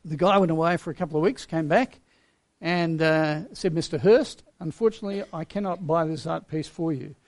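Earnest gravelly pastor preaching. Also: male voice, on the high side. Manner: earnest, warm storytelling with gentle pauses. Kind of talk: sermon.

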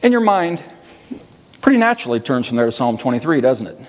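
A man's voice: medium pitch, very animated. Reflective preacher man in a hall. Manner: musing, slow over scripture, voice lifts on key words. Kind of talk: reflective sermon.

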